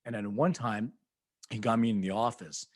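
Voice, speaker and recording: Low-voiced man telling rambling stories. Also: fairly even intonation, moderate pace, a little mellow, no room sound. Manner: rambling anecdotes, acts out quoted voices, laughs often. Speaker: podcast co-host. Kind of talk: casual chat, storytelling.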